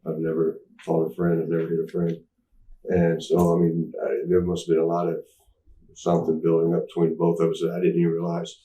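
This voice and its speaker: Low-voiced man telling a rambling story. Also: completely flat delivery, dark tone. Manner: rambling, halting, with many restarts and fillers. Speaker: interview guest. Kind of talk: candid storytelling. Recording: roomy echo, mic at a distance.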